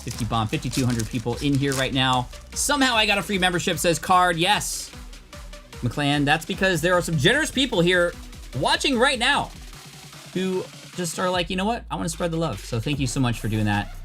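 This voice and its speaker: A man hosting a live card-opening stream, chatting and thanking viewers, bursting into loud excitement over the cards he pulls. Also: on the high side, normal speed, soft background music. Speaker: host.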